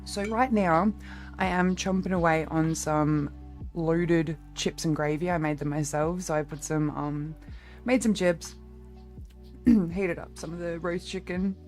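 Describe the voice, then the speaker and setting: A woman's voice: lowish voice, a little slow, darkish tone, faint music behind. A young woman streamer in a casual live-stream chat, rambling along and thanking her viewers by name.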